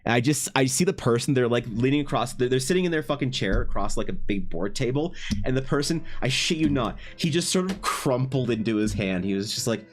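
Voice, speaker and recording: A Canadian artist streams himself drawing and chats casually, his medium-pitched voice expressive and a little fast. He rambles through a profane anecdote, restarting it again and again.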